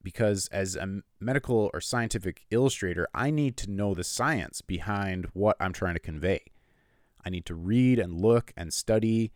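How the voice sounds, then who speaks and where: A man, a medical illustrator, telling a personal story in a relaxed, conversational way with lots of "you know" fillers. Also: fairly low pitch, moderate pace, dry recording, clean studio sound.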